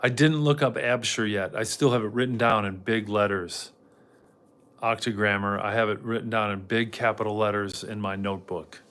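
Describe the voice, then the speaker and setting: A man's voice: on the low side, steady tone, moderate pace, fairly bright tone. A man hosting a casual livestream in a rambling way, reading out chat comments and talking to his dog now and then. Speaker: livestream host.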